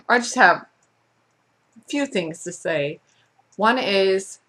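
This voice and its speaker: A woman's voice: medium pitch, animated, slow, pauses often, a bit bright. A woman vlogger in a casual, sarcastic rant who talks bluntly and swears freely. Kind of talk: casual ranting monologue.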